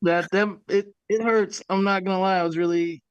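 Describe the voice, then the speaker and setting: A man's voice: high voice, fairly even intonation, brisk, smooth, no room sound, muffled recording. A man cracking wry jokes in a casual group chat on a stream.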